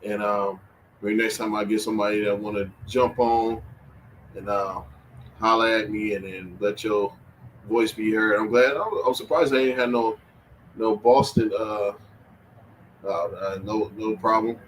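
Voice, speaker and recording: A man hosting a casual sports-talk livestream, animated and slangy, laughing and trash-talking as he reacts to chat. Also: lowish voice, a little slow, a little hiss or hum, low-quality recording. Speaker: livestream host.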